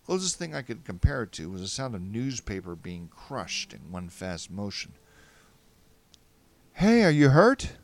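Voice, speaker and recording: A man with a low voice narrates a first-person story. His pitch swings widely as he tells it with wry, animated storytelling. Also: moderate pace, gravelly, few pauses.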